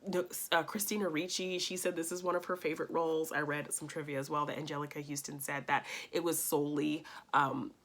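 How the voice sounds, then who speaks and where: A woman's voice: deep voice, little pitch movement, fairly quick, hardly any pauses, a bit bright. A woman giving a casual movie review, talking with gushing enthusiasm and telling stories.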